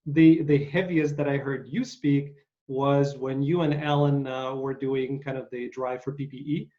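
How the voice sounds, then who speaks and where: A man's voice: medium pitch, fairly even intonation, a little slow, dark tone. Rambling middle-aged man, dull lo-fi call. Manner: rambling, hesitant, many uhs. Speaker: podcast host. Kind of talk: casual interview chat. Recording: dull lo-fi audio.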